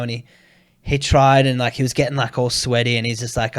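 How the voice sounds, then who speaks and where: Young man, comedian, casual podcast chat, animated, middle pitch. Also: quick pace. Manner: animated storyteller, swears freely, acts out voices.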